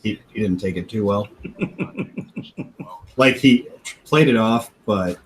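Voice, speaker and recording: A man's voice: fairly low pitch, slow pace, slight background noise, low-quality recording. A man on a podcast casually telling a long profane story, laughing now and then and acting out what others said. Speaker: podcast host.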